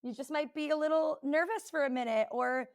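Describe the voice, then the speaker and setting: A woman hosting a podcast, telling personal stories in an animated, chatty way and laughing easily. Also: high voice, brisk, no room sound, clean studio sound. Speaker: podcast host. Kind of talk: casual podcast conversation.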